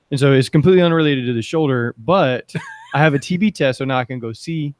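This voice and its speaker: A mid-pitched man hosts with an upbeat, chatty flow, wandering into asides and then pulling the talk back on track. The sound is close and dry. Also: fairly quick, dry recording. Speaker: podcast host. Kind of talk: casual panel discussion.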